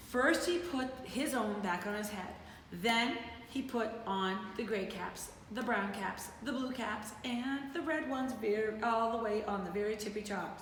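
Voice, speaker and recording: A woman reading a picture book aloud to children, animated and talking to them between pages. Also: a little high. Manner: animated, talks to kids and plays with puppets. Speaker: children's storyteller. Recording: echoey hall with faint noise.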